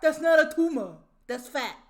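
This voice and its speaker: High-voiced woman ranting on a stream. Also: lively intonation, normal speed, darkish tone. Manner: profane, mocking, exasperated. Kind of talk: casual reaction stream rant.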